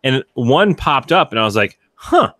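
A man co-hosting a podcast who reads an article aloud in a casual chat, with halting restarts and chuckles as he reads. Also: medium pitch, animated, a bit bright, no room sound. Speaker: podcast co-host.

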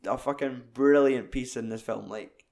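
A young Scottish man chatting casually about a film, swearing a lot and acting out lines in quick put-on voices. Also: medium pitch, vocal fry, darkish tone.

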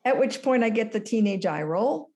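A woman in her sixties, a guest in an interview, telling a story with lively acted-out dialogue. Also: on the high side, moderate pace. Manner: animated storyteller, acts out dialogue. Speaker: guest, former business school lecturer.

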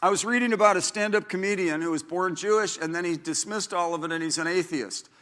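A man in his sixties, a pastor, delivers a sermon in a bright, high voice. He talks in a chatty, animated way, acting out the voices in his stories with big jumps in pitch. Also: fast talker.

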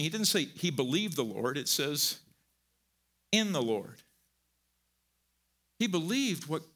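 A man preaching a sermon as pastor, animated and conversational, swinging from low quiet phrases to loud emphatic peaks with folksy asides.

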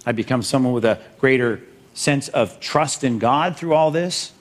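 A man's voice: mid-range voice, normal speed. A middle-aged man preaching a sermon as pastor, emphatic, with rhetorical questions and numbered points to jot down.

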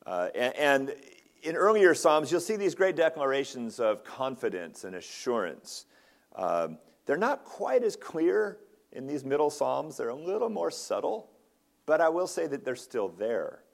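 A man's voice: mid-range voice, very animated, a little slow, creaky. Male lay preacher, earnest expository sermon, mid-range voice, restarts phrases often. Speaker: ruling elder preaching. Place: church sanctuary.

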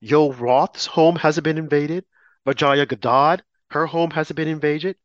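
A man speaking a little higher than most, pressing his points with emphatic repetition and mocking asides. It's an opinionated commentary monologue, recorded dry with no room sound. The audio is slightly muffled and lo-fi. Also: fairly even intonation, measured pace, no room sound. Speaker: political commentator.

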